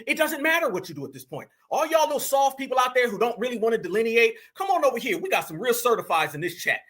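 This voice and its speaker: A man's voice: very high voice, sing-song, fast talker, sharp tone. A man hosting reaction commentary, talking animatedly, heckling and calling out to "y'all.". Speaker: commentary channel host.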